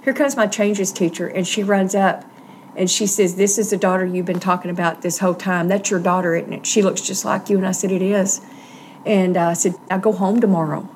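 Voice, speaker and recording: A woman's voice: medium pitch, steady tone, a little fast, darkish tone, a little hiss or hum. A middle-aged woman, earnestly telling a personal story in an interview and acting out the voices she quotes.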